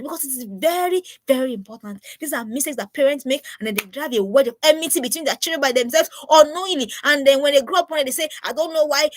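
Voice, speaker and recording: A woman's voice: sits high, no echo. A woman giving an earnest, preachy live talk to parents, often repeating herself. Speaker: parenting speaker.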